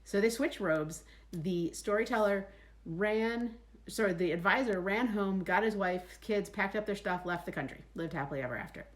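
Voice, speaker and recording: A woman's voice: mid-range voice, normal speed. A woman storyteller telling a folk tale aloud in a casual, chatty way with asides to the listener.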